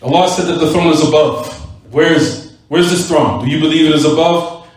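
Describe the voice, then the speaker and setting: A man's voice: a little high, steady tone, normal speed. Echoey distant male teacher quizzing his class. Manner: rhetorical questions to students, "what?" prompts; repeats and stresses key words. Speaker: religious teacher. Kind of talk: recorded Islamic class lecture. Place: mosque classroom. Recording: very echoey room, voice from far off.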